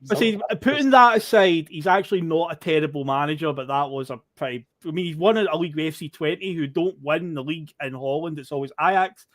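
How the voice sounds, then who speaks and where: A Scottish man hosts a casual football podcast and runs through the season's results in a loose, meandering manner. His voice sits a little high for a man. The sound is close and dry, with no room around it. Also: a little fast, hardly any pauses, a bit bright, no room sound. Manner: recaps football news in a chatty, rambling way. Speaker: podcast host. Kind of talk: casual chat.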